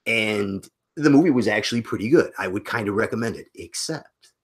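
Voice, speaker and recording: A man's voice: on the low side, animated, a little fast, husky. A middle-aged man co-hosting a casual podcast livestream, grumbling about movies in a self-mocking way. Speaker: podcast co-host. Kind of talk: casual chat.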